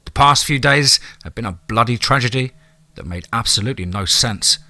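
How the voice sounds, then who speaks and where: Guy reading a creepy story, measured and dramatic, super bright voice, mid pitch. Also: animated, vocal fry. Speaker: narrator. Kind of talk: scripted horror story narration.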